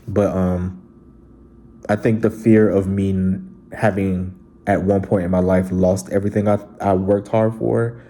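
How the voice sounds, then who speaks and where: A man's voice: low-pitched, level tone, measured pace, warm tone. A man, chatting casually and earnestly as he reads out viewer comments on his vlog. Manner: earnest and heartfelt, addressing viewers directly. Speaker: vlogger reading viewer comments. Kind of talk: casual chat.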